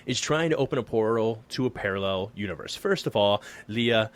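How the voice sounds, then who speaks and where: A man's voice: fairly low pitch, expressive, fairly quick. A man co-hosting a casual podcast, reading an article aloud over a remote call, joking and tripping over words. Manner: joking, self-deprecating, stumbles over words. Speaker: podcast co-host.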